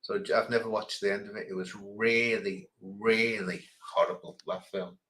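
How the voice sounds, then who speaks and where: A man's voice: fairly low pitch, steady tone, moderate pace, bright, forceful tone, poor audio. A middle-aged man from England chatting casually as host, rambling through an opinionated story with lots of ums and restarts. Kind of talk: casual livestream chat.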